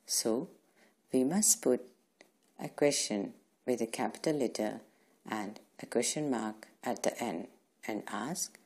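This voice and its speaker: A woman's voice: a bass voice, takes it slowly, a little mellow, slightly rough. A woman teacher, giving a patient grammar lesson to young children and answering her own questions. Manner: patient, asks questions and answers them herself.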